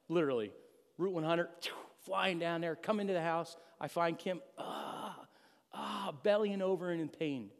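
A man's voice: a little high, normal speed, gravelly. A middle-aged man giving an earnest, emotional personal testimony to a church congregation. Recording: long hall reverb.

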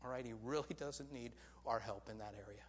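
A man preaching a sermon as pastor, animated and asking the congregation rhetorical questions. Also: medium pitch, a little fast, slightly rough, big-room sound. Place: church.

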